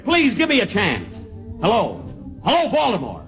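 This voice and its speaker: A man's voice: sits high, wildly swooping pitch, moderate pace, loud music behind the voice, heavily acted, poor audio. An actor playing a pompous male inventor who keeps repeating himself in exasperation, in 1940s radio comedy style. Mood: exasperated. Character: pompous male inventor demonstrating his telephone.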